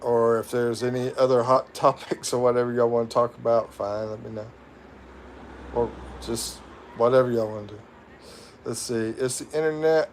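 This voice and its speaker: A man with an American accent, hosting a relaxed livestream at home in the Philippines, talks in a steady mid-range voice at normal speed over a little hiss or hum. He wanders from topic to topic while reading viewer comments, self-mocking and laughing often.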